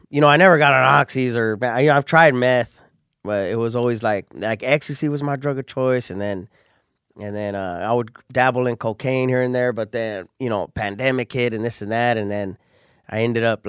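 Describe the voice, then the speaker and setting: A man's voice: medium pitch, normal speed, fairly bright tone, clear, resonant tone, dry recording, clean studio sound. A man who is a comedian, chatting casually in laid-back slang, calling people homie and laughing often. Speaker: comedian guest. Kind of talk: casual chat.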